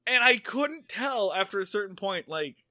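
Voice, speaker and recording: A man co-hosting a podcast, telling a rambling, animated story in casual chat and swearing freely. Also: high voice, normal speed, no echo, clean studio sound. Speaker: podcast co-host.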